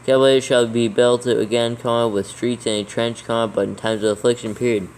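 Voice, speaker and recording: A man reading a text aloud slowly and deliberately, dictating capitals and punctuation marks as he goes. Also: mid-range voice, flat delivery, a little mellow, slight background noise, low-quality recording. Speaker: proofreader dictating scripture.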